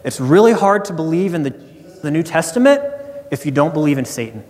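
A man's voice: a little high, lively intonation, a little fast, darkish tone, in a large hall. A man preaching a sermon as pastor, conversational and storytelling.

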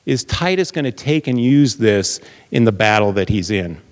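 A man preaching a Bible teaching sermon, explaining deliberately and posing questions to his listeners. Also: fairly low pitch, expressive. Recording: long reverb of a large hall.

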